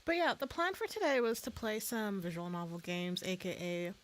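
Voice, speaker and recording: A woman's voice: mid-range voice, very animated, normal speed. A woman streaming live in casual chat, playful, laughing often and swearing freely.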